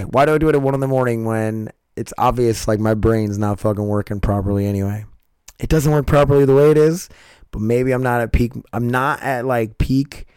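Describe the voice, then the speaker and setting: A man's voice: mid-range voice, darkish tone, clean tone, dry recording, clean studio sound. A man hosting his own podcast, talking casually and rambling with a scratchy, strained throat, swearing and cutting himself off. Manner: rambling, profane, self-interrupting. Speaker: podcast host. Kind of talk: casual late-night monologue.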